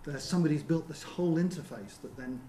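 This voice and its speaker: A man with a fairly high voice presents at a seminar, talking loosely with lots of ums and asides to the room. He is recorded in a roomy venue with a faint hum behind him. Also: fast. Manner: conversational, frequent ums and rhetorical checks. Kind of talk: conference presentation.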